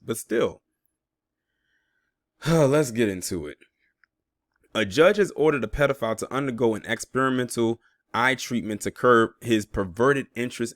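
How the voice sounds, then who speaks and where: A man's voice: medium pitch, no echo, clean studio sound. A man in his early thirties doing news commentary, reading reports aloud and reacting with emphatic disbelief. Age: 30s. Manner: incredulous, emphatic, drawls when outraged. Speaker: commentary YouTuber.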